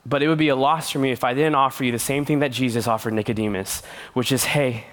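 An earnest young man preaches to a youth group in a conversational tone. He slips in light, playful asides between the serious points. His voice sits at an everyday middle pitch. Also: steady tone, quick pace, fairly bright tone. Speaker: youth pastor. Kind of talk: sermon.

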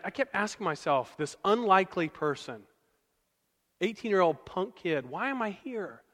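A man's voice: a little high, a bit bright. Man, pastor, conversational storytelling sermon, long hall reverb. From Oklahoma.

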